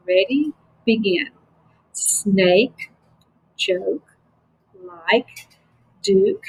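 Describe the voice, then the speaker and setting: A woman's voice: mid-range voice, darkish tone, slight background noise, rough recording. Patient woman teaching a phonics lesson. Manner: slow, patient and encouraging.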